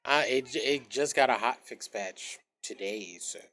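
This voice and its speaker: Chill guy streaming a game, rambly and loose, cusses a lot, mid-pitch voice. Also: measured pace, pushed and bright. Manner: laid-back, rambling, swears casually, scat noises. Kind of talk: casual gaming stream chat.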